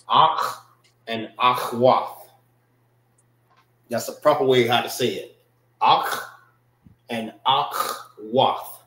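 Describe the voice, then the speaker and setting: A man teaching an informal class, explaining words slowly, often checking in with "all right" and speaking. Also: on the low side, reverberant, low-quality recording. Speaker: class instructor.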